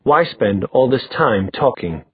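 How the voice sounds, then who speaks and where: A man's voice: mid-range voice, expressive, unhurried, husky, dry recording. A man doing a scornful young fighter. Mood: contemptuous. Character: proud young male fighter, scornful and sarcastic. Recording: dry tinny phone-like sound.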